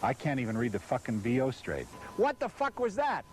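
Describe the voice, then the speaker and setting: A frustrated announcer swearing nonstop and barking at the crew during a commercial recording session. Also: male voice, mid-range voice, huge pitch swings, a little fast, slight background noise. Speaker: voice-over announcer. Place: recording set with hot lights and a car.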